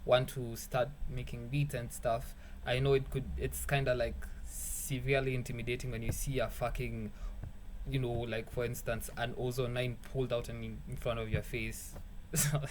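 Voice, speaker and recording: A man's voice: mid-range voice, little pitch movement, normal speed, a little hiss or hum. A young man hosting a beat-making tutorial in a loose, rambling way, swearing casually and joking at his own expense. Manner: rambling, self-mocking, swears casually, laughs at own jokes. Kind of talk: casual screen-recorded tutorial.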